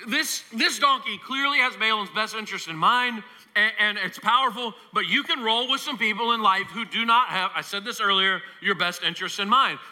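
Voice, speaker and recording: Pastor, male, high and very bright voice, animated sermon delivery, hall reverb. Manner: animated storytelling, acts out biblical characters.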